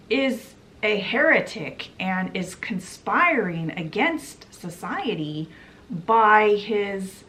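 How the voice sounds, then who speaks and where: A pompous male boss who calls out a worker in front of the whole room, theatrical and accusing, as a woman reading a story aloud puts him on. He speaks slowly and at a middling pitch. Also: a bit bright, a little hiss or hum.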